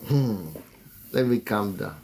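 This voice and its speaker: A man's voice: lowish voice, takes it slowly, creaky, darkish tone, a little hiss or hum. A man teaching about marriage on a live stream in a preachy way. He repeats phrases and chuckles often between remarks. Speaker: relationship teacher and author.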